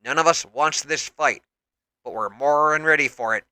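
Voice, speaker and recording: A fierce young mutant team leader, played by a man, firm and commanding. His calls come out bright and forceful. The recording is close and dry. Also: on the high side, normal speed, clean tone, no echo.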